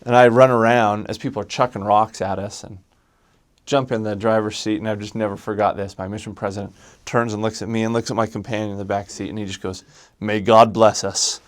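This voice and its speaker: A man telling a personal story from his missionary days, lively and halting, with frequent restarts. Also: on the low side.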